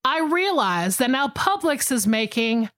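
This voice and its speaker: A woman's voice: sits high, very animated, measured pace, a bit bright, no room sound, studio quality. A woman in her thirties co-hosting a podcast, chatting casually and emphatically with many fillers. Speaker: podcast co-host. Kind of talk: casual chat.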